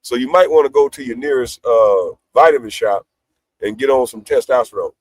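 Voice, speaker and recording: Brisk and medium-pitched, a middle-aged livestream host brashly trash-talks his critics with boasts and profanity. There is slight background noise.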